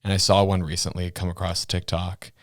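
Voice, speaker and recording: A man co-hosting a podcast, explaining ideas in a relaxed, casual way and laughing often. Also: low-pitched, fairly quick, no echo, clean studio sound. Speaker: podcast co-host. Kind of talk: casual political chat.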